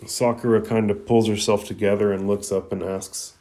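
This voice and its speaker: Low mellow-voiced man recapping casually. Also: level tone, normal speed. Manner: conversational, with frequent fillers and crude asides. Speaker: podcast host reviewing an anime episode.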